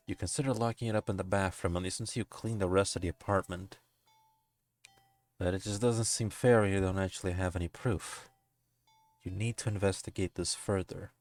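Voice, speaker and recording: A man with a low voice reads a text game's narration aloud for his stream. He keeps slipping into giggles and swearing asides between passages. Soft music plays faintly beneath him. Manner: breaks into giggles and profane asides. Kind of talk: reading a text game aloud with commentary.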